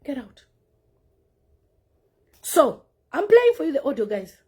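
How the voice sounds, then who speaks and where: A woman's voice: high voice, big pitch swings, normal speed, darkish tone. A woman delivering heated political commentary, firing off scornful rhetorical questions. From Zambia.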